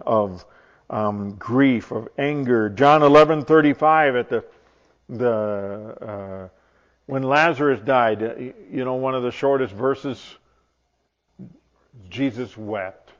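A man teaching from the Bible in a sermon, earnest and searching, often restarting his sentences and dropping to a hush on tender points. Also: medium pitch, slow. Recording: dull lo-fi recording.

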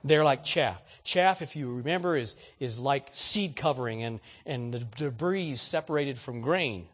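A man preaching a sermon to a congregation, animated and asking rhetorical questions. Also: medium pitch, a little slow. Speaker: pastor.

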